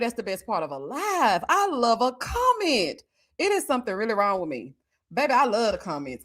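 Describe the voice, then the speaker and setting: A woman hosting a casual live stream, chatting with viewers and reading their comments, often breaking into laughter and drawn-out murmurs of agreement. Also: a little high. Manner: chatty, talks straight to viewers.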